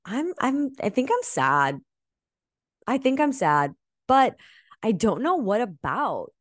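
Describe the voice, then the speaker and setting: A woman with a fairly low voice coaches her listeners in a motivational monologue. She is earnest and emphatic, swears casually, and slows down to stress her key words. The sound is dry and close. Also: dry recording. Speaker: podcast host and energy healing coach.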